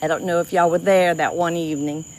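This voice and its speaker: A woman's voice: fairly low pitch, steady tone, quick pace, a little mellow, slight background noise. A woman from South Louisiana with a Cajun accent, chatting casually with viewers during an outdoor livestream by the water. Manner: chatty, lots of restarts and y'all, laughs easily. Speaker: livestream host. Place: outdoors by a swamp river at night.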